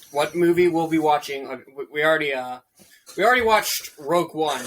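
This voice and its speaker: A man's voice: mid-range voice, a bit bright, low-quality recording. A young man co-hosting a casual movie review podcast, talking in a hesitant way with many restarts. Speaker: podcast co-host.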